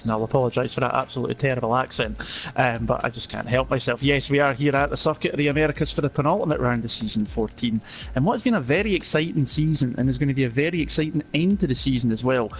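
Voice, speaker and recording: Chatty male race analyst. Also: mid-range voice. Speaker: co-commentator and track analyst. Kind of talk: live race broadcast commentary.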